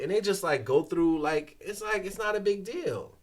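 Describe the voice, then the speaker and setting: A man with a Haitian family background, chatting casually as a guest and telling stories with lively acted-out dialogue. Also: normal speed. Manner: animated storyteller, acts out exchanges with lively shifts in pitch. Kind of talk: casual chat.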